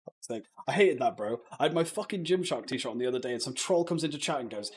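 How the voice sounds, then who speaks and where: A young man with a British accent hangs out on a live stream, talking to chat, joking, and swearing heavily. His medium-pitched voice is husky and expressive, and he speaks fast with few pauses.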